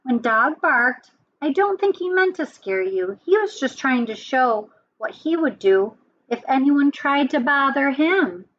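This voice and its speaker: A woman teacher telling a story to young children, animated and asking them questions. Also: sits high, measured pace, muffled recording.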